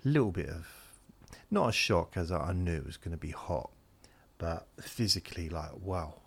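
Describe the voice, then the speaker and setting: A man's voice: low voice, expressive, moderate pace, vocal fry, slightly rough. A man hosts a podcast, rambling through a monologue meant to lull listeners to sleep and interrupting himself as he drifts between points. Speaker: podcast host.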